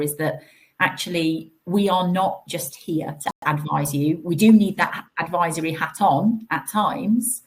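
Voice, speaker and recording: A woman speaking as a guest on a live panel, animated and acting out the people she quotes. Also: deep voice.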